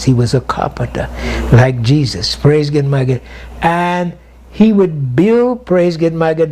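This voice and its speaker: A man's voice: a little high, mellow. An older man, a bishop, telling stories in an interview and peppering nearly every phrase with "praise God, my God.". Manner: constant refrains of "praise God, my God". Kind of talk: storytelling interview.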